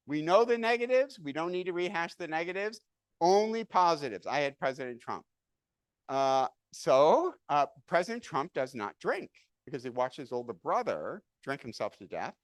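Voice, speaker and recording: A man's voice: mid-range voice, no room sound. A middle-aged man giving a seminar lecture, telling stories and asking rhetorical questions as he goes. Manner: animated storyteller, asks rhetorical questions. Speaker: seminar speaker.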